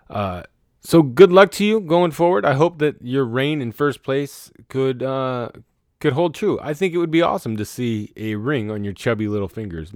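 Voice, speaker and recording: A man's voice: mid-range voice, no echo, clean studio sound. A man serving as league commissioner, giving a casual, rambling podcast recap full of crude teasing trash talk, recorded in his bedroom. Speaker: fantasy football league commissioner.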